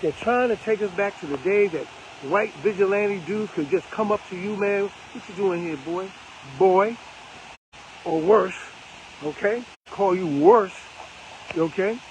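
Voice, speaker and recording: A man's voice: high-pitched, measured pace, highs cut off, a little hiss or hum. An older man hosting a live broadcast, talking in a preachy, emphatic way and repeating phrases for effect. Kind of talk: casual live-stream commentary.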